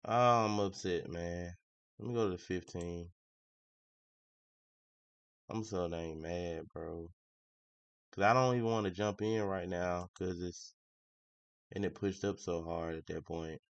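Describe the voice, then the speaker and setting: A man's voice: sits low, steady tone, unhurried, long pauses, no echo. A man trading live on a stream, talking in casual slangy commentary, grumbling and repeating himself. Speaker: day trader streaming live. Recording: dry, slightly muffled lo-fi audio.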